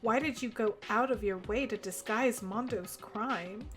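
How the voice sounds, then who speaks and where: A woman's voice: a little high, a little slow, soft background music, lightly acted. A woman reading the lines of an earnest teenage boy from a game, indignant and questioning. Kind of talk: reading game dialogue aloud.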